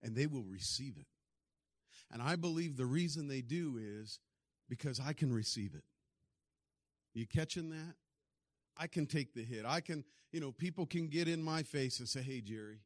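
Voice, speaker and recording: A man preaching a sermon, telling stories and acting out the people in them, often swinging from quiet to loud. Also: medium pitch, lively intonation, moderate pace, long pauses, dry recording, clean studio sound. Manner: storytelling, acts out voices with big swings in loudness.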